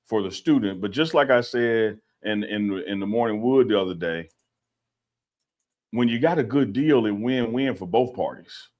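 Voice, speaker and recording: A man co-hosting a casual sports talk show, animated and opinionated, repeating himself as he makes his point. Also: fairly low pitch, normal speed, muffled recording. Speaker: co-host.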